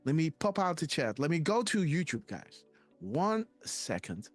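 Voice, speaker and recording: A man's voice: on the high side, big pitch swings, measured pace, soft background music. A man hosting a live stream in a casual chatty way, often calling out to viewers. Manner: chatty, repeats "guys" often. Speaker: livestream host. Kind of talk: casual livestream chat.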